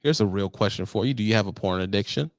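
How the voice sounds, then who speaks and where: A man hosting a casual trucking livestream, talking bluntly and swearing, his voice jumping high and loud when he presses a point. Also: quick pace, no room sound, clean studio sound. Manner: blunt, animated, swears, rises to loud high-pitched emphasis. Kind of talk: casual advice talk to viewers.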